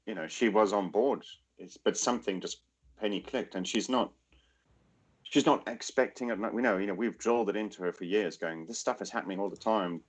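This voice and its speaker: A man hosting a podcast in casual chat, animated and acting out quoted voices as he tells stories. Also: lowish voice, normal speed. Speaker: podcast host.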